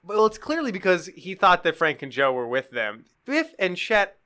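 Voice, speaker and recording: Man, podcast host, bright forceful tone, jokey recap, casual chat. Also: high-pitched, moderate pace. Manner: jokey, animated storyteller who reads passages aloud.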